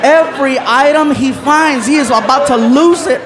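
A man telling a stand-up story on stage, animated and shouting out characters' lines, with an audience laughing behind him. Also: very high voice, normal speed. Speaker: stand-up comedian. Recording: live stage with crowd noise.

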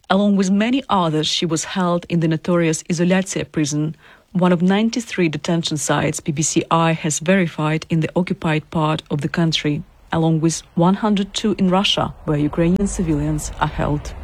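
A woman reporter reading scripted news narration in a measured, even way. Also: on the low side, slightly rough, no echo.

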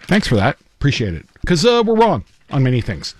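A man's voice: a little high, huge pitch swings, fairly quick, husky. A man hosting a live radio trivia show, bantering with his co-host and taking callers with easygoing self-deprecating humor.

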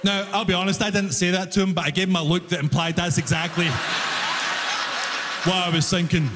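A Glaswegian man performing stand-up on a big hall stage, acting out both sides of his story. His voice sits fairly high, and the long reverb of the venue trails behind every line. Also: little pitch movement, a little fast, crowd noise, background noise. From Scotland. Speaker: stand-up comedian. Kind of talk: stand-up comedy set. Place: large concert hall stage.

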